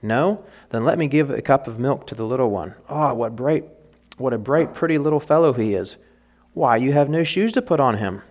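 A man reading as a gentle old cobbler. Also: medium pitch, expressive, normal speed. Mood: kind. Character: kindly old male cobbler, humble and gentle.

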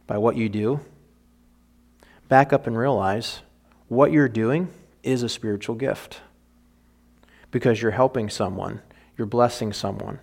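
A man's voice: medium pitch, darkish tone. A man preaching a sermon, reading a story aloud and then explaining it in an earnest, rambling way. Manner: earnest, rambling, restarts mid-thought.

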